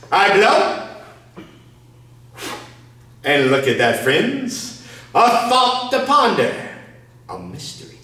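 A man leads a magic lesson in a showman's voice, pausing for drama between lines. His delivery is high and swoops up and down, slow and deliberate. He sounds distant from the mic in a very echoey room. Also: pushed and bright. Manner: showman patter with dramatic pauses. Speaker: magician and juggler. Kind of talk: theatrical magic lesson for viewers.

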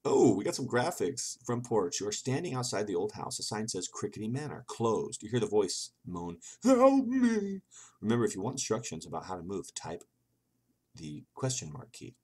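A man's voice: on the low side, brisk, a little mellow, breathy edge. A man reading an old computer game's text aloud and reacting to it with sarcastic, swearing asides. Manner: sarcastic, swearing, laughing at the game. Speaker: gaming video host.

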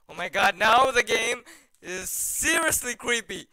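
A man giving jumpy, excitable commentary while playing a horror game, often dropping to hushed, nervous mutters. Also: extremely high pitch, measured pace, few pauses, rough recording. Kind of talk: let's play commentary.

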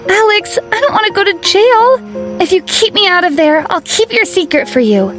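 Lady doing a scared young woman in a story, high and swoopy, soft music behind. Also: animated, normal speed. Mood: pleading. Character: frightened young woman Lily, pleading.

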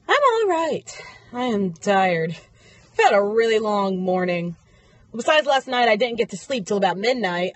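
A young woman in casual vlog chat, telling her day in a chatty, upbeat way. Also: no echo. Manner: chatty and upbeat, high baby talk to her dog. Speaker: vlogger.

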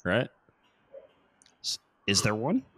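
A man with an American accent co-hosting a podcast in casual chat, animated and quick to laugh. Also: lowish voice, no room sound, studio quality. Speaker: podcast co-host.

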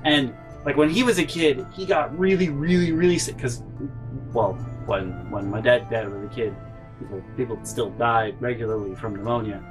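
A man's voice: medium pitch, moderate pace, music in the background. A man hosting a storytime vlog, rambling and swearing as he tells family anecdotes. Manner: rambling, profane, animated. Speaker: channel host.

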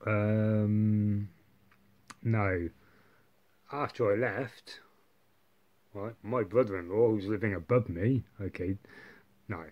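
A man's voice: lowish voice, steady tone, slow pace, pauses often, muffled recording. A man telling a long story to camera, rambling and swearing heavily, with constant tag questions like "yeah" and "right". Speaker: vlogger. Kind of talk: casual monologue.

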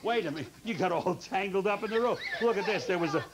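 A man hosting a children's TV show, leading the kids in games with teasing jokes and quick asides. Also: high-pitched, expressive, background noise. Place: TV studio with children.

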